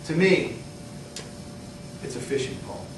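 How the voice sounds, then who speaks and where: A middle-aged man giving a humorous motivational speech, an animated storyteller acting out scenes. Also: a little slow. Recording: echoey hall, mic far off, low rumble.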